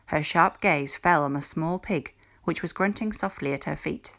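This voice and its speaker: A woman teacher reading a children's book aloud in a clear, measured storytelling voice. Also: deep voice, a bit bright.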